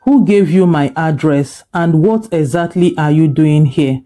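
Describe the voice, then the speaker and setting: A storyteller voicing a kind, patient father recovering from illness, soft and reassuring. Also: medium pitch, a little slow, lightly acted.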